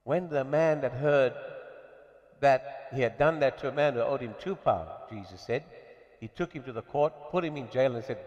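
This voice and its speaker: A man preaching a sermon to a congregation, swinging between emphatic bursts and quieter passages. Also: mid-range voice, expressive, normal speed. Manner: rising and falling with emphatic bursts. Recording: dull reverberant hall recording.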